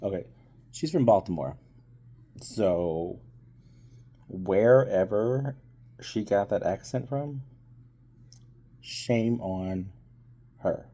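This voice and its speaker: A man with a very dark, low voice talks through his movie review in an unhurried, halting way, filling pauses with ums. His voice sounds husky. He is still recovering from being sick. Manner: hesitant, full of ums and trailing thoughts. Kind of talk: casual review vlog.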